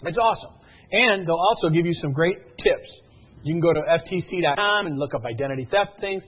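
An energetic man pitches a service and tells stories at a rapid clip, often checking whether his listeners are following. His voice is slightly husky and sits a little high for a man. The sound is thin and narrow, like a phone line. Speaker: sales presenter. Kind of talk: sales pitch with storytelling.

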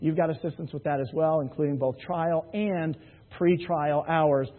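A man's voice: fairly high pitch, steady tone, normal speed. A man giving an anecdotal sales talk to a live audience in a hall, joking and often asking the crowd "right?". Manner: jokey storyteller, keeps asking the crowd "right?". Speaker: sales presenter. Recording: tinny, phone-like, with long hall reverb.

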